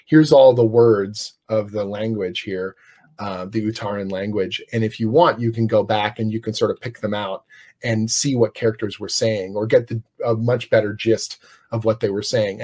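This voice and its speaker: A man's voice: fairly low pitch, darkish tone. A middle-aged man, a comics writer, talking in a casual interview with enthusiasm and many restarts.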